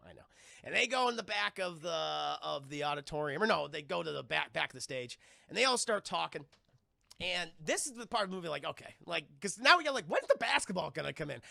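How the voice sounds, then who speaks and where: A man recapping a film on a live stream, rambling and profane, talking to his chat and slipping into shouted character bits. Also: high voice, vocal fry, no echo, studio quality.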